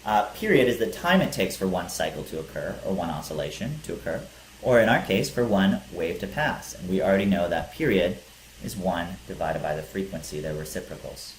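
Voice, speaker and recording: A man's voice: low voice, expressive, fairly quick. A male teacher giving a physics lecture, explaining step by step with some fillers. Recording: echoey room with faint hiss.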